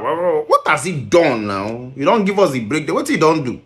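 A man's voice: fairly high pitch, big pitch swings, fairly quick, fairly bright tone. A man with a Nigerian accent scolding in a commentary video, mixing Pidgin and English and firing rhetorical questions.

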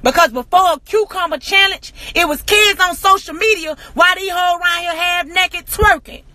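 High, bright, fiery woman ranting. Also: normal speed. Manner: profane, confrontational, repetitive rhetorical questions. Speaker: social media personality. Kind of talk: angry rant to camera.

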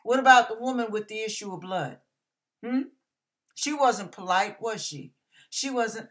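A woman's voice: mid-range voice, expressive, moderate pace. A middle-aged woman preaching an emphatic, fiery, folksy sermon.

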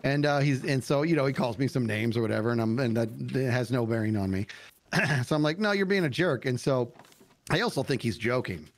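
A man's voice: medium pitch, brisk. A man hosting a casual gaming stream, telling a story with acted-out quotes and frequent laughter. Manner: animated storyteller who acts out quotes and laughs.

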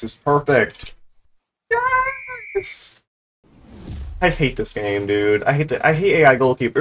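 A man giving live gameplay commentary, excitable and trash-talking, who swears a lot, rants about the game and breaks into sudden high yelps. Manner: grumbling, ranting complaints. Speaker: gaming YouTuber.

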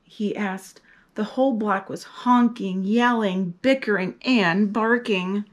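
A woman reading a picture book aloud to children, lively and expressive, acting out the story's characters. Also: mid-range voice, a little slow.

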